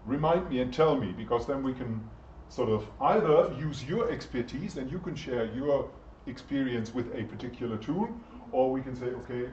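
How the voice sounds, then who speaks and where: In a lecture room, a man with a medium-pitched, darkish voice delivers a chatty, interactive university lecture, asking the class questions. His intonation is lively and his speed normal, with hardly any pauses. The recording is echoey, distant and dull, with a little hiss or hum.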